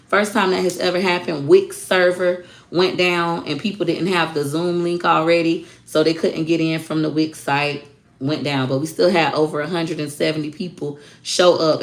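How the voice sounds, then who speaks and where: A woman's voice: on the low side, gravelly. A woman who teaches online social media classes, speaking bluntly and animatedly in a casual livestream talk. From Florida.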